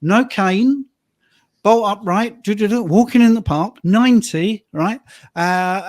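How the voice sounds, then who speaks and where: A man hosting a casual podcast chat and telling stories, lively when quoting people. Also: high-pitched, unhurried, no room sound. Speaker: host and fitness coach. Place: his own training and rehab room.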